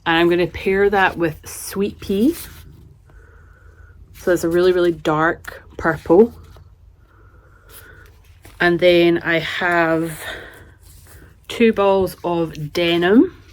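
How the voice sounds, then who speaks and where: A woman's voice: lowish voice, fairly even intonation, slow, pauses often. A woman chatting casually in a knitting vlog while filming with a handheld camera in her home craft room. She rambles and now and then talks to her cat. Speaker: knitting vlogger.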